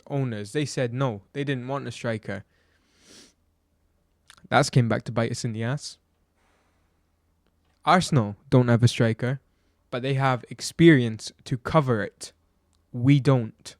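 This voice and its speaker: A man's voice: medium pitch, no room sound. Man, blunt football vlogger, exasperated rant, rhetorical questions, dry room. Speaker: football fan reviewer. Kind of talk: opinionated match review vlog.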